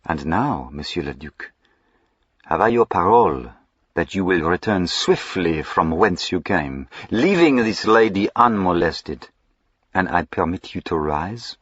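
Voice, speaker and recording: A cool, mocking gentleman highwayman with a French accent, as a man reads him aloud. His deep, husky voice stays slow and courteous even while giving orders. The storybook recording sounds slightly muffled. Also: no echo, heavily acted. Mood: commanding. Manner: polite, ironic, commanding.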